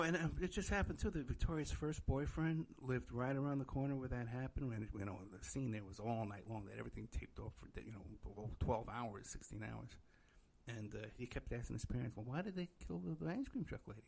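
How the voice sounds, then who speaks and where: A middle-aged man tells a rambling story in a casual podcast chat, leaning on filler phrases and acting out the voices of people he quotes. His voice is gravelly with a husky edge, at a mid pitch. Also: darkish tone. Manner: rambling, many "you know" fillers, acts out quoted voices. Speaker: podcast host.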